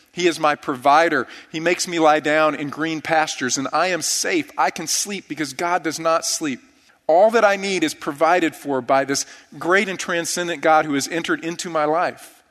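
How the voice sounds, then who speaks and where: Man, pastor, earnest sermon, fairly high voice, long church reverb. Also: fairly bright tone. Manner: earnest, reverent preaching with scripture quotes.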